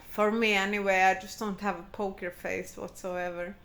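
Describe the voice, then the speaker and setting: A woman's voice: mid-range voice, fairly bright tone. A woman delivering a satirical character monologue in a mock-serious, sarcastic rambling manner. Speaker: comedic vlogger.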